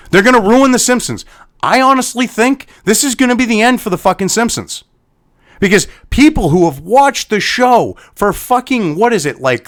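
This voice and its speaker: A man rants into the mic, heated and sarcastic, swearing with almost every phrase. His voice sits high for a man and rises and falls widely, full of indignation. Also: a bit bright. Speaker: online commentator. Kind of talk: angry profane rant.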